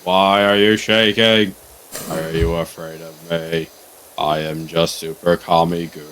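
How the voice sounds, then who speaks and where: Brief: man doing an old alien guru, deep and dragging, self-important and menacing, pitched far below his own voice. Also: level tone, a bit bright, a little hiss or hum. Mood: grandiose. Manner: slow, deep, drawn-out pompous delivery. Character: ancient slow-spoken male alien guru, grandly menacing. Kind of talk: gaming voice chat.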